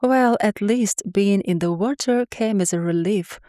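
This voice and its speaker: A woman narrating a funny first-person fantasy story in a lively, wry way. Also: medium pitch, measured pace, no echo, clean studio sound.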